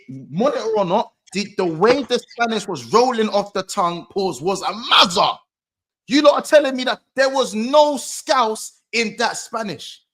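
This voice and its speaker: Ranting man, high-pitched. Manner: ranting, slangy, animated. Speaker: football podcast host. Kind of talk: heated casual banter.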